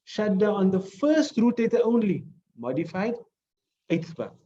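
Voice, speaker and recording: A man's voice: high voice, big pitch swings, unhurried, dark tone, a little hiss or hum. Patient man teaching a class, dull recording. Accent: South African. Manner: explains patiently, repeats key points, checks understanding with "right?". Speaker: Islamic studies teacher. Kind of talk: classroom lesson on hadith and Arabic grammar.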